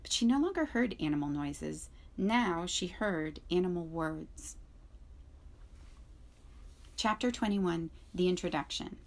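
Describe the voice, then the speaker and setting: A school librarian reading a children's novel aloud to students, clear and expressive. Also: female voice, fairly low pitch, a little slow, pauses often. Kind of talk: children's book read-aloud.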